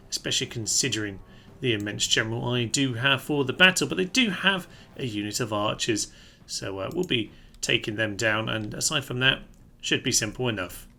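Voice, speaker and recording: A man's voice: mid-range voice, gravelly, sharp tone. A man giving casual let's-play commentary on a strategy game, wry and sarcastic, often talking straight to his own units. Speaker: gaming video host.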